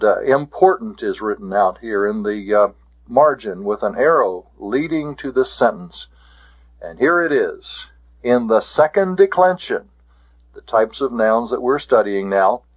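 Slow, methodical male language teacher. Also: mid-range voice. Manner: deliberate and methodical, repeats key terms. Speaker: Greek teacher. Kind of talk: classroom lecture. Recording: dull lo-fi lecture recording.

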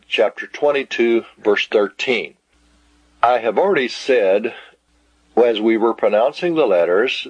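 A man's voice: medium pitch, breathy edge, no room sound, dull audio. A man teaching a lesson on Greek letter sounds, patiently repeating each sound. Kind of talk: classroom lesson on pronunciation.

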